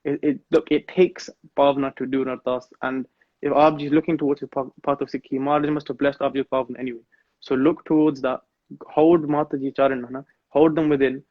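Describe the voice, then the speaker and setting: A man's voice: mid-range voice, flat delivery, brisk, no echo, narrow, tinny audio. A man giving an earnest devotional talk as a guest on a live stream, mixing in Punjabi phrases.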